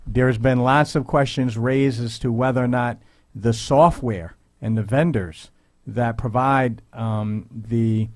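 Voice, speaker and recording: A man hosting a radio talk show, speaking in a measured, earnest way with frequent pauses and "um"s. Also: medium pitch, fairly even intonation, darkish tone, no room sound, studio quality. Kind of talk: radio commentary. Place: radio studio.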